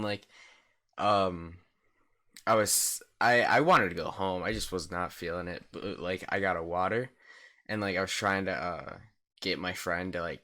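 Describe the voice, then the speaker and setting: A teenage boy rambling through a casual storytime vlog, swearing freely and filling every pause with "like". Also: low voice, bright, forceful tone.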